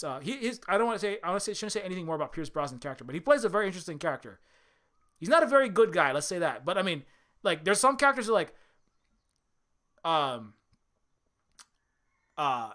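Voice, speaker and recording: A man's voice: high voice, sharp tone. A man giving casual film commentary, rambling, with many restarts and fillers. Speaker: video commentator.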